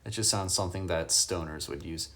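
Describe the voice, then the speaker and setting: Livestreaming from a hotel room on his phone, this man sounds laid-back as he reads viewer questions aloud, chuckling frequently. His voice sits low, comes out fairly quick and is a bit bright.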